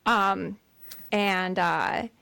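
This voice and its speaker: A woman's voice: mid-range voice, drawn-out words, gravelly, pushed and bright, smooth. A woman co-hosting a podcast, casually recapping a film scene with quoted lines, fillers and laughter. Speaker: podcast co-host. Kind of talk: casual movie recap chat.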